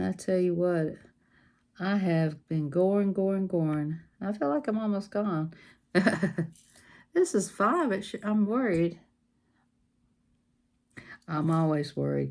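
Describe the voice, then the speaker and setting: A woman's voice: lowish voice, vocal fry, warm tone. A woman, hosting a casual craft livestream, hyper and giggly, chatting while she works on a diamond painting. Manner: giggly, sings silly made-up songs, animal noises.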